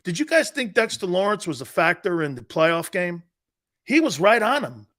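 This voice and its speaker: A man's voice: sits high, sing-song, normal speed, fairly bright tone. A middle-aged man hosting a live sports talk show, brash and opinionated, mocking pundits and laughing at his own points.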